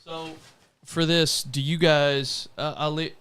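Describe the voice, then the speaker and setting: A man hosting a live podcast, easygoing and quick to laugh as he steers the talk. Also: fairly high pitch, little pitch movement, fairly bright tone, clean tone. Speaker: podcast host. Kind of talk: casual live podcast chat.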